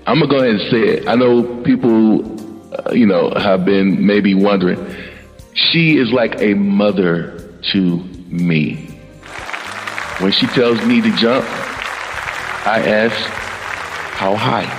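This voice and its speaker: A man hosting a podcast panel, praising his guests warmly and stumbling over repeated words. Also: on the low side, unhurried, long pauses, big-room sound, faint music behind, some chatter behind, rough recording. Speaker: podcast host. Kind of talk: emotional panel introduction.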